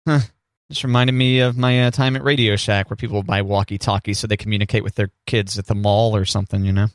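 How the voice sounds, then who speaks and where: A man's voice: lowish voice, steady tone, fast, no room sound, studio quality. A man co-hosting a radio show, bantering casually with joking, rambling asides.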